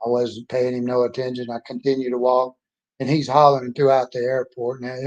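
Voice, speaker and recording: A man's voice: medium pitch, monotone, fairly quick, darkish tone, lo-fi sound. Older guy in his 60s telling old stories, folksy and rambling. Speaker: storyteller introducing himself. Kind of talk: casual personal storytelling.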